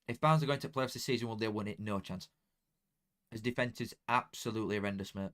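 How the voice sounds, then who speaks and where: Excitable young man streaming football. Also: fairly low pitch, fast talker. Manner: excitable, chatty, swings from flat mutter to loud outbursts. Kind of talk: casual live commentary to viewers.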